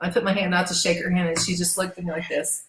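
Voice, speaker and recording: A woman's voice: on the low side, flat delivery, fast talker, a bit bright, reverberant, slight background noise, poor audio. A middle-aged woman, a former gladiator guest, telling a casual and profane story in an interview.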